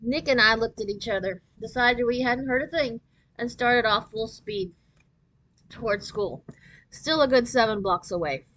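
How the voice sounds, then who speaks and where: A woman's voice: a little high, moderate pace, fairly bright tone, poor audio. Woman reading a children's book aloud. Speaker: storyteller.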